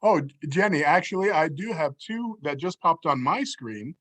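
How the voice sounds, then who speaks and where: A man's voice: fairly high pitch, animated, normal speed, a bit bright. A man moderating an online workshop, politely and hesitantly reading questions from the chat with many fillers. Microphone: video call.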